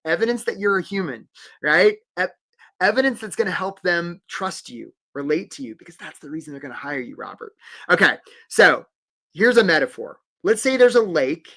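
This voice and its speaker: A man's voice: on the high side, very animated, moderate pace, a bit bright. A man coaching job seekers in a live webinar, upbeat and encouraging, calling out viewers by name.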